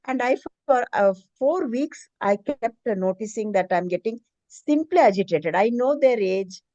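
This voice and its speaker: A woman's voice: on the high side, animated, normal speed, warm tone, no room sound, lo-fi sound. A middle-aged woman, earnestly telling a personal story on a video call in a hesitant, emotional way. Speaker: meeting participant, preschool teacher.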